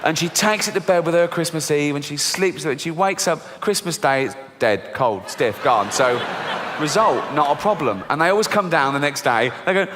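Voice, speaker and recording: Animated stand-up comic on a stage. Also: male voice, fairly high pitch, normal speed, noisy background. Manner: lively, deadpan punchlines with mock voices. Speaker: stand-up comedian. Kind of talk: stand-up comedy routine. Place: large theatre stage. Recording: live theatre with long hall reverb. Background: audience laughter.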